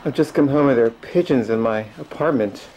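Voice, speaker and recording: A man of middle pitch keeps a casual video diary, talking in halting bursts full of fillers and restarts, and yelling when he gets worked up. Steady traffic and car noise runs under his voice throughout. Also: poor audio. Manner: yelling excitedly while chasing birds. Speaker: diarist filming himself. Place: home apartment, then a car.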